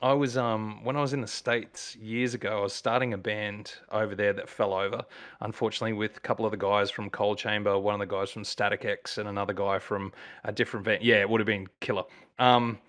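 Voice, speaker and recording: An Australian man with a fairly low voice chats as a guest musician. He tells stories eagerly, circling through fillers and restarts, in a relaxed, casual way. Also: brisk. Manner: enthusiastic, rambling storyteller with many fillers. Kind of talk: casual chat.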